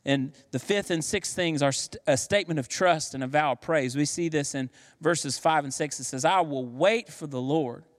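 A man's voice: on the high side, moderate pace, hardly any pauses. A man preaching a sermon as pastor, emphatic and given to rhetorical questions. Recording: long reverb of a large hall.

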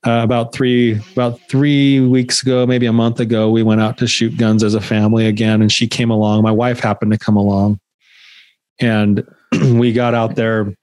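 A man in his thirties or forties, a podcast co-host, telling a story in a casual, animated way and acting out the voices of the people in it. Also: fairly low pitch, normal speed, dry recording. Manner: animated, acts out quoted voices.

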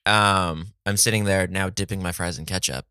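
A man's voice: sits low, fairly even intonation, moderate pace, bright, forceful tone, smooth, dry recording, studio quality. A man from San Diego co-hosting a podcast, telling a story in casual chat, laughing often and acting out the people he quotes. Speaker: podcast co-host.

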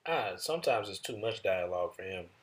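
A man's voice: deep voice, expressive, fairly quick, fairly bright tone. A man in casual conversation, speaking plainly and reflectively. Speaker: husband in a podcast conversation. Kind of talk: casual chat.

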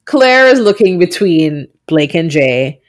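Lively low-voiced woman podcaster. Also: takes it slowly. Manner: animated, swears, acts out quotes in mock voices. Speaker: podcast co-host. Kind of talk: casual recap chat.

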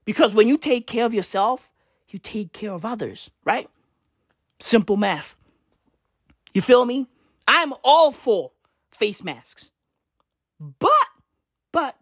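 A woman's voice: mid-range voice, no echo, studio quality. A young woman, ranting in slangy, profane commentary and repeating tag questions. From South Africa. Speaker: vlogger.

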